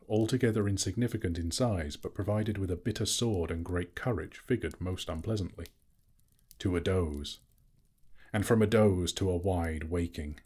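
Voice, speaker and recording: A man narrating a fantasy story aloud in a slow, measured, dramatic reading. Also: low voice, darkish tone, husky. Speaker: audiobook narrator.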